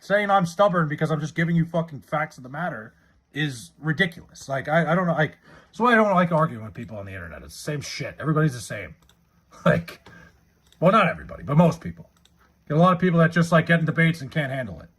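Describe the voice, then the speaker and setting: A man's voice: on the high side, sing-song, fast talker, a bit bright, husky. A man streaming live, chatting casually with his viewers, rambling and swearing freely as he argues about sports. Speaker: live streamer reading chat.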